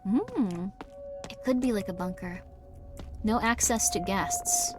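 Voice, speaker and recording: A woman chatting and reacting while streaming a horror game live, joking along and breaking into sudden loud outbursts. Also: on the high side, wildly swooping pitch, slow, music in the background.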